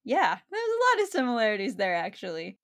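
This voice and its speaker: A woman's voice: a little high, wildly swooping pitch, brisk, dry recording, clean studio sound. Chatty woman discussing a film. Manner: chatty, many "like" fillers. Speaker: podcast host.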